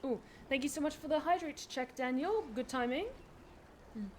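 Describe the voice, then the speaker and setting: A woman streamer giving lively live gameplay commentary, reacting and reading game text aloud. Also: high voice, normal speed, slight background noise.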